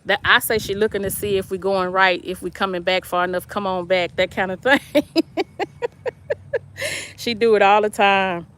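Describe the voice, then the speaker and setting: A woman's voice: mid-range voice, fairly even intonation, moderate pace, pauses often, a bit bright, a little hiss or hum. A middle-aged woman, chatting casually on a live stream from her yard and reading viewer comments aloud between laughs. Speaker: vlog host. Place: outdoors in a yard.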